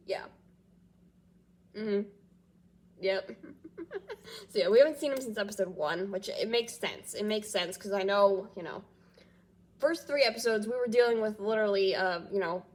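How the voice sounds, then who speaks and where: A woman's voice: medium pitch, moderate pace, long pauses. A stuffy-nosed woman chats through a casual fan reaction vlog, her voice a little nasal from congestion. She rambles freely, circling back on her own sentences with loose fillers. Light giggles keep slipping in between her thoughts. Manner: rambling, with frequent fillers and loops back on itself. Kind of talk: casual chat reacting to TV news.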